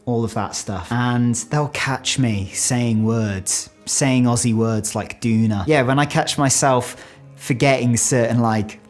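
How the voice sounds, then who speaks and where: A man's voice: mid-range voice, slow, soft background music. Chatty self-mocking British man. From United Kingdom. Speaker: video creator. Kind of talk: casual talking-head video.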